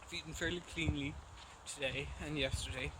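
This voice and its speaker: Man, Dublin Irish accent, slightly high voice, rambling self-deprecating chat, traffic noise behind. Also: steady tone, brisk. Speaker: vlogger. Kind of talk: casual chat to camera. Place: at home.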